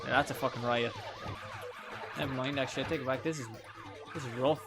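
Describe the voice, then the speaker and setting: Over music, a young man gives live commentary while streaming a game, cracking crude jokes and frequently breaking into laughter. His voice sits in the mid range, steady in tone, and he speaks quickly.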